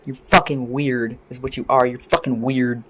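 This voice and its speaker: A man's voice: medium pitch, flat delivery, moderate pace, husky, rough recording. A man ranting to camera in an indoor room, heated, profane and emphatic, repeating his points. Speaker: vlogger.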